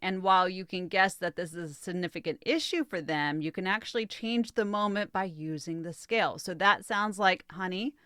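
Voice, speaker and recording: A woman hosting a solo podcast, calmly teaching relationship skills in a measured coaching tone. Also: on the low side, clear, resonant tone, dry recording, studio quality. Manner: calm, measured, coaching tone with light laughs.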